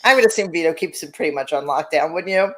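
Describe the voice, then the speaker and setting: A woman's voice: sits low, expressive, fast talker. A woman co-hosting a casual podcast chat. She laughs often, swears freely and mimics other people mid-story. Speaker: podcast co-host.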